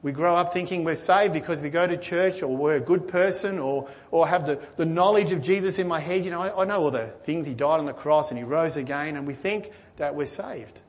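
Guy preaching, pretty high voice for a man, keeps asking the crowd questions, gets excited then goes quiet. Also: fairly quick, hardly any pauses. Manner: earnest, asks the listeners rhetorical questions. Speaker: pastor. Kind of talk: sermon.

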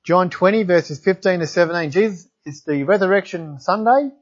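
A man's voice: high-pitched, normal speed. A man preaching a sermon, reading scripture aloud and exclaiming in wonder at it. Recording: dull lo-fi recording.

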